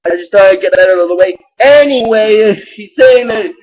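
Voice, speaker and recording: A man with a high voice hosts his own recap show, rambling and excitable. He restarts his sentences often in a casual flow. The audio sounds dull and lo-fi. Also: moderate pace. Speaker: show host recapping episodes.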